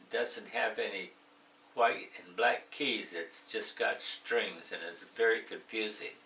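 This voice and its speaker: A man with a gravelly, bright voice teaches English at a slow, patient pace. He explains each phrase in English and again in Spanish, with a playful touch. The sound is echoey and a little distant from the mic. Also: on the low side, a little hiss or hum. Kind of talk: slow bilingual lesson with jokes.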